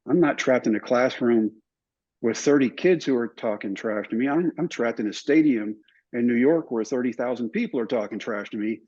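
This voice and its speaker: Older man, husky voice, lively storyteller in an interview, slightly muffled recording. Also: medium pitch, moderate pace. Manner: animated storyteller, acts out other people's lines. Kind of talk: telling stories in a relaxed interview. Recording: somewhat dull, muffled recording.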